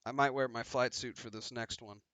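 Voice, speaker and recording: A man's voice: medium pitch, fairly even intonation, a little fast, a bit bright, clean tone, no room sound. A man hosting a casual livestream chat, joking and swearing freely as he talks. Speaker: stream host.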